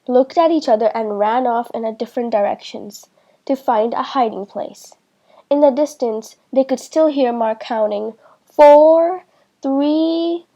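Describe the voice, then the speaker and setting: A woman reading a children's storybook aloud in a slow, clear way for beginners. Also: fairly high pitch, warm tone. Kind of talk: children's book read-aloud.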